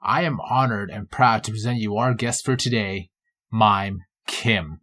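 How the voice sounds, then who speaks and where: A man's voice: on the low side, a little slow, fairly bright tone. A man from Vancouver hosting a casual podcast interview, friendly and enthusiastic. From Vancouver, Canada. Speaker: podcast host.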